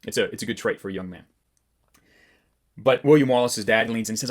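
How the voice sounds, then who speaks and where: A man's voice: on the low side, fairly quick, long pauses. A man talking to camera as a copywriting coach, in a casual, blunt, rambling motivational style with loose fillers.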